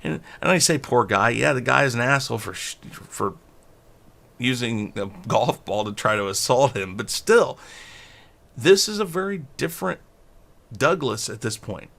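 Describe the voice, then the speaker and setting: A man's voice: medium pitch, lively intonation, moderate pace, creaky, fairly bright tone. A man co-hosting a movie review show, retelling scenes casually and acting out the characters' lines. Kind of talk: casual film discussion.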